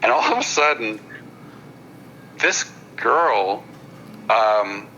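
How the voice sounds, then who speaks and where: A man with a very bright, sharp-edged voice tells a story as a podcast guest. He stumbles and doubles back on his words as he goes, and a faint noise sits under the recording. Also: lowish voice, expressive, highs cut off. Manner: halting, repeats words while building a story; apologetic, checks in with listeners. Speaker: podcast guest, hypnotist comedian. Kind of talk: casual anecdote-telling on a podcast.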